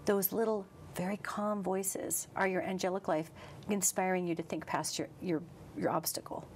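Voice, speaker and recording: A woman guest in an interview, speaking with lively emphasis and slowing down for calm passages. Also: on the low side, a little hiss or hum. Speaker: psychic medium guest. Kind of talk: interview conversation.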